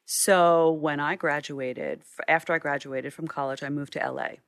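Low, gravelly-voiced woman telling stories. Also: steady tone, normal speed, no room sound, clean studio sound. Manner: vivid anecdotal storytelling. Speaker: photojournalist guest. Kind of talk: storytelling interview.

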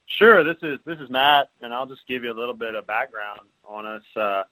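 Polite male business owner on a podcast, bright voice, dry mic. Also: mid-range voice, dry recording, low-quality recording. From Texas. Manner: polite, measured. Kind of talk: podcast interview.

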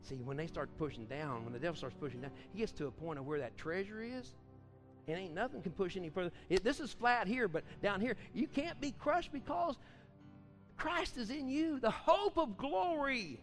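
A man preaching a sermon at a church service, fervent, swinging between loud outbursts and quiet storytelling. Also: sits high, lively intonation, fairly quick, faint music behind. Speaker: pastor.

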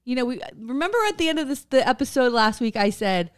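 A woman's voice: a little high, animated, quick pace, clear, resonant tone, dry recording, studio quality. A woman co-hosting a podcast in casual chat, talkative, swearing freely and acting out quotes. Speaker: podcast co-host.

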